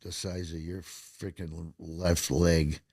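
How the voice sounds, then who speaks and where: A man hosting his own TV show, telling a story in an animated, casual way and swearing freely. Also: deep voice, takes it slowly, no room sound, clean studio sound.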